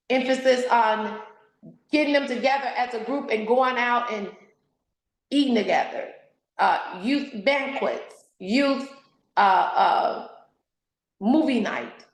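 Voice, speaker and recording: A woman's voice: fairly high pitch, roomy sound, rough recording. A woman author and speaker giving an interview, exhorting in an emphatic, sermon-like way. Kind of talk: candid interview, preacherly.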